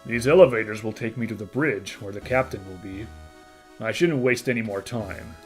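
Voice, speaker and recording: A man streaming a story game, reading its narration aloud and breaking into chatty, excited asides. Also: lowish voice, normal speed, faint music behind. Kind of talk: reading game text aloud with casual commentary.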